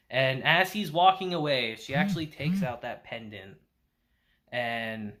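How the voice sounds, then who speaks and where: Young guy doing an anime review, super animated, bright voice, laughs a lot. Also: fairly high pitch. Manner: chatty, animated, laughs often, swears. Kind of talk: casual video review.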